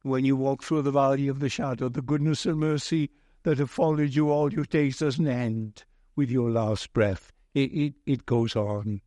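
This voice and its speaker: A man preaching a sermon slowly and deliberately, telling a gentle humorous story along the way. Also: mid-range voice, fairly even intonation, no room sound, clean studio sound.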